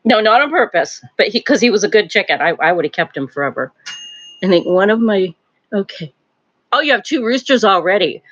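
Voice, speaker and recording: An older woman talks in a loose, rambling way as she hosts a live stream from home, laughing often between thoughts. Her pitch jumps up and down freely. The sound is dull and lo-fi, like audio from a live stream. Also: expressive, a little fast. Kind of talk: casual live-stream chat. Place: home, near a wood stove.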